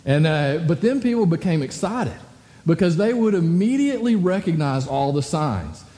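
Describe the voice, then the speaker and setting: Casual male pastor, slightly high but mellow voice, chatty asides, long church-hall echo. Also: big pitch swings, moderate pace. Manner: conversational, full of rhetorical "right?" asides. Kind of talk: sermon.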